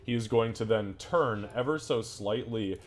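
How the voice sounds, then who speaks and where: A man's voice: on the low side, measured pace. A man narrating as game master of a tabletop game, casual and profane.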